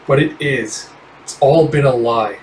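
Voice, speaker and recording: A woman's voice: measured pace, darkish tone, a little hiss or hum. Man voicing wounded young woman, lab-made fighter, raised put-on voice; roomy and distant. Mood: hurt. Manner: raised-pitch put-on voice, emotional.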